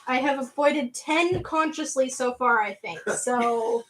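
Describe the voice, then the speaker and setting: A woman's voice: sits high, measured pace, rough recording. A young woman with a southwestern Ontario Canadian accent hosting a casual livestream. She is bubbly and chatty, laughs often, and answers her viewers' chat as she goes. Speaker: livestream host.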